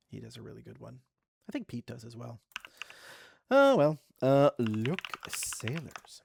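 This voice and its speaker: Gravelly man chatting through a retro game. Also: mid-range voice, darkish tone, dry recording, clean studio sound. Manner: chatty, reads game text aloud, self-correcting. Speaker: let's play host. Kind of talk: casual game commentary.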